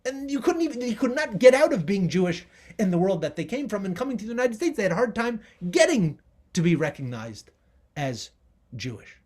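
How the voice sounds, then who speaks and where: A man's voice: high voice, sing-song, fairly quick, a little mellow. A middle-aged man giving a public history lecture with slides, emphatic and rising on key words.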